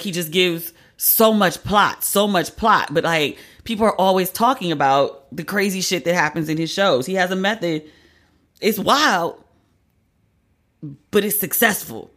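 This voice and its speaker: A woman's voice: sits low, fairly bright tone. A woman hosting a podcast in a casual, wry, chatty way, often breaking into laughter. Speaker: podcast host. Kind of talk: casual pop-culture commentary.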